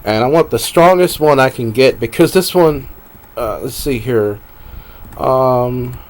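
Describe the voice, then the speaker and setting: An adult man with a medium-pitched voice live streams from his computer, speaking a little slowly. He meanders as he browses, talking to himself and laughing often.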